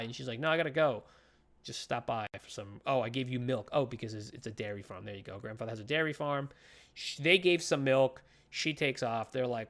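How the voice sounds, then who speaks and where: A man's voice: medium pitch, fairly quick, fairly bright tone. A man co-hosting a comics podcast, casually retelling a story and acting out the characters' lines, with lots of swearing and fillers. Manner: frequent profanity and fillers. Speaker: podcast co-host. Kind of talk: casual comic book chat.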